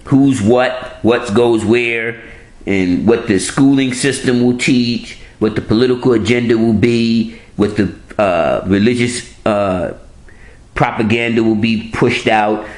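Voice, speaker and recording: A man's voice: medium pitch, slow pace, darkish tone, reverberant, poor audio. A man in casual conversation, telling stories in a streetwise, profane way with frequent restarts. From New York.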